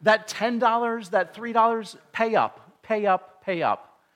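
A man's voice: high-pitched, measured pace, fairly bright tone, voice pushed up. A man voicing a greedy, grasping man who badgers neighbors to repay petty debts. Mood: demanding. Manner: insistent, badgering.

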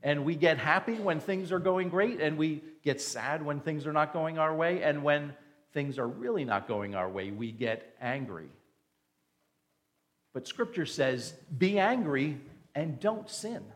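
Slow, emphatic male pastor. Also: a little high, a bit bright. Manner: emphatic, rhetorical questions. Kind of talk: sermon.

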